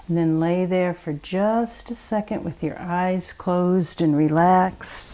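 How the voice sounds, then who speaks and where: A woman guiding children through a bedtime yoga story, with gentle, coaxing and playful instructions. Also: lowish voice, steady tone, slow pace, low-quality recording. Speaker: kids yoga teacher.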